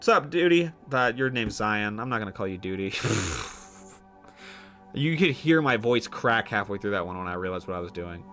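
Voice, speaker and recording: A man's voice: on the low side, moderate pace, long pauses, fairly bright tone, soft background music. A young man streaming live, rambling animatedly through his thoughts with casual swearing and frequent restarts.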